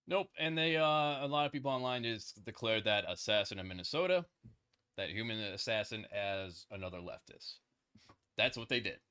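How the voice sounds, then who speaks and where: A man's voice: fairly low pitch, expressive, moderate pace, pushed and bright, clear, resonant tone. A man hosting a reaction commentary, dropping sardonic short asides between clips. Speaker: host.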